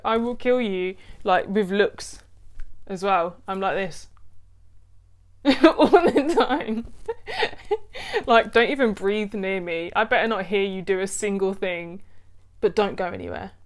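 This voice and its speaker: A young woman talks straight to her viewers in a personal vlog. She is blunt and frank, laughs often at herself, and swears casually. Her voice sits at an ordinary middle pitch. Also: smooth. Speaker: vlogger. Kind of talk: candid personal vlog talk.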